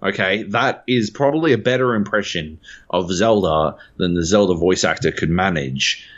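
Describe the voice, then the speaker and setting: A man with a fairly low voice rants in an exasperated, swear-laden way on a casual games podcast. He talks as a critic, and the sound is dull and slightly lo-fi. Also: moderate pace. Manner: profane, exasperated ranting. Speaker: podcast co-host, game critic.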